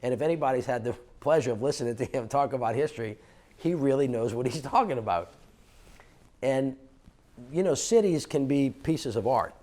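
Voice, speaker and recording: A middle-aged man from New Orleans, a former mayor, telling an animated story on stage at a fundraiser and acting out the dialogue. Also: mid-range voice, normal speed. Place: stage conversation at an indoor fundraiser.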